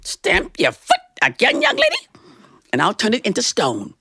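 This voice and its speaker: A woman's voice: mid-range voice, wildly swooping pitch, moderate pace, husky, no room sound, studio quality, heavily acted. A woman storyteller voicing a sassy, stern old fairy who scolds sharply. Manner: sharp-tongued, scolding, calls people honey.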